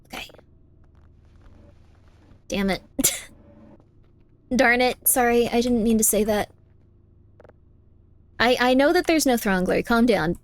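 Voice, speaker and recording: A woman live streaming a game, chatting casually with her viewers in a playful, teasing way, insisting on things over and over and breaking into squeaky high protests. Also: slow pace, pauses often. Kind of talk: casual live-stream chat while gaming.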